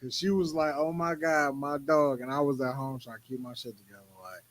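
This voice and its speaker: A man's voice: mid-range voice, fairly quick. A man co-hosting a podcast, cutting in with jokes and teasing in casual banter. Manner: joking interjections, teasing. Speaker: podcast co-host.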